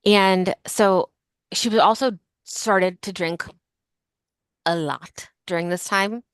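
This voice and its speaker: A woman's voice: mid-range voice, slow, a bit bright, clear, resonant tone, dry recording, studio quality. A woman hosting a casual history podcast, telling a story in a chatty way full of fillers like "like" and "um". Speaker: podcast host.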